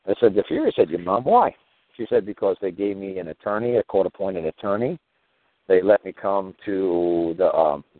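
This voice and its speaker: A man's voice: on the low side, no echo, phone-quality sound. A man hosting a podcast, telling a long story in a rambling, profane, heated way and acting out the people he quotes. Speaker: podcast host. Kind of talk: casual monologue.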